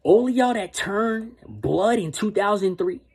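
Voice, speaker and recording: A man's voice: high voice, expressive, unhurried, slightly rough. A man delivering a rambling, insistent monologue rant, repeating and restarting his phrases.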